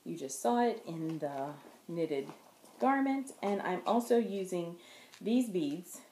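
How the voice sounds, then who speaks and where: Chatty woman with a low voice in an echoey room. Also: lively intonation, slow pace, dark tone, slight background noise. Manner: chatty, meandering, self-correcting while showing work to camera. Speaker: knitting podcast host. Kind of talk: casual show-and-tell chat. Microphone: camera in front of her. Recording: roomy echo.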